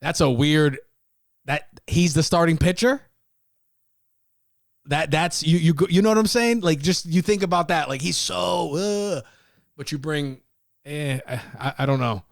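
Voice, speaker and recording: A man's voice: a little high, unhurried, creaky, pauses often, no echo, studio quality. A man hosting a casual solo podcast, talking bluntly and profanely, rambling with restarts. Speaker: podcast host.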